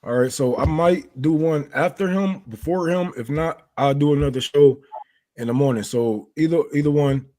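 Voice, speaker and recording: A profane, joking man hosting a political livestream, his voice a little high for a man. He talks loosely and drops in crude jokes and mocking asides. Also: moderate pace, warm tone. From Detroit. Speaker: livestream host. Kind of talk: casual political livestream chat.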